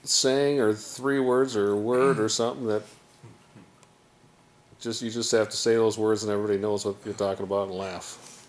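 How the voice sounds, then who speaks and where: A man's voice: fairly low pitch, little pitch movement, moderate pace. A man interviewing hunters at a deer camp, asking casual, loosely worded questions.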